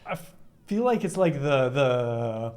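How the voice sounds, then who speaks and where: A man's voice: mid-range voice, sing-song, takes it slowly, a little mellow. A young man with a Minnesota accent, co-hosting a reaction video in rambling, casual chat full of likes. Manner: rambling, filler-heavy.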